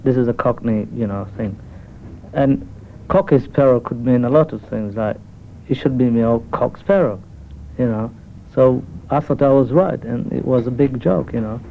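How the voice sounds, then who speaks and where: A man's voice: medium pitch, moderate pace, creaky, slight background noise. Chatty Kenyan man, thin tinny sound. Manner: chatty, lots of "you know". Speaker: interviewee. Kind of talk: casual anecdote. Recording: thin phone-like 1970s radio recording.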